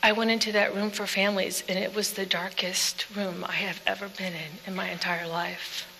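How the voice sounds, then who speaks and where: A woman giving an earnest personal testimony speech in plain storytelling, dropping to quiet passages. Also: medium pitch, flat delivery, moderate pace, creaky. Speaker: speaker telling her own story. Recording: echoey hall with faint hum.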